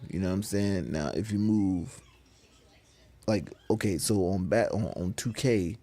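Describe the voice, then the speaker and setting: A man chatting casually with viewers on a gaming live stream, laughing often and getting animated when he rants. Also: low-pitched, a little slow. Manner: laid-back, laughs often, gets animated when ranting.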